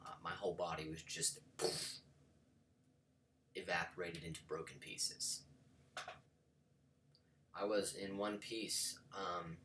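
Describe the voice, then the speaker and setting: A man's voice: deep voice, bright, forceful tone. A man telling a rambling story in a casual vlog, full of fillers and sudden whispered asides. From United States. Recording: voice a bit far from the mic, faint background noise.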